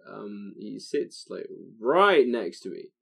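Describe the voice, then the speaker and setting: A man's voice: lowish voice, very animated, slow pace, gravelly, sharp tone. A young man telling a long story in casual chat, swearing often and rambling with restarts into a desk microphone. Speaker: podcast co-host telling a story.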